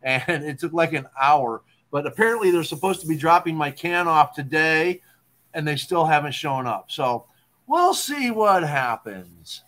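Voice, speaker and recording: A man hosting a casual talk show, explaining poetry terms in a relaxed way and checking in with "okay?". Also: a little high, a little slow. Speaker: podcast host.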